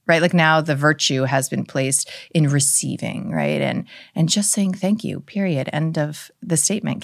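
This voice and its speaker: A woman's voice: low-pitched, vocal fry, no room sound, clean studio sound. A woman guest on a podcast interview, talking in a loose, reflective way, full of "like" and "right?", with casual swearing. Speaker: podcast guest, psychiatrist and author.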